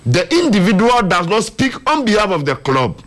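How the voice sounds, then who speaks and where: A man reading out a club's formal press statement in a measured way. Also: high voice, sing-song, a bit bright.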